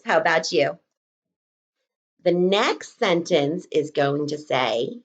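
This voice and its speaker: A young woman teaching kindergarten remotely from home, speaking in a slow, encouraging, sing-song teacher voice and sounding words out. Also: low voice, lively intonation, creaky, slightly rough. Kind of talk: remote lesson for young children. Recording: dull lo-fi recording.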